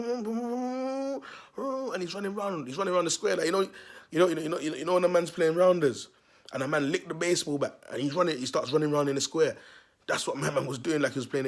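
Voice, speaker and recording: A man, a vlogger telling a neighbourhood story to his viewers in a slangy, repetitive way. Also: fairly high pitch.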